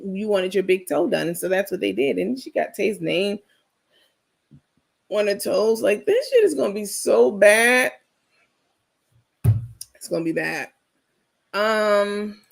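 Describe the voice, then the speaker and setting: A woman with a medium-pitched, husky voice and vocal fry hosts a livestream. She chats casually, gossiping, digressing and talking straight to her viewers.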